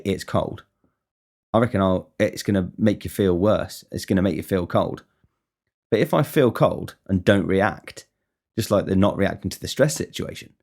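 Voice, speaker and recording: A man's voice: sits low, gravelly, a little mellow. A man talking casually on his podcast in a rambling monologue, swearing constantly and wryly. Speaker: podcast host.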